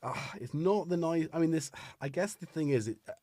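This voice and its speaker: A man's voice: fairly high pitch, fairly quick, mellow, no echo. A man hosting a casual live stream from his home studio, chatting and laughing to himself as he hunts for things. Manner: rambling, chuckling, talking to himself while searching for things. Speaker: livestream host. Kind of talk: casual live-stream chat while playing gear. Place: home studio full of gear. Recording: music playing behind the voice.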